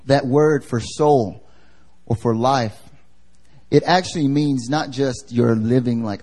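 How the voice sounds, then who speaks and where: A man's voice: mid-range voice, normal speed, warm tone. Casual, slangy man preaching a sermon. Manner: casual and slangy, asks the congregation questions. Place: church service.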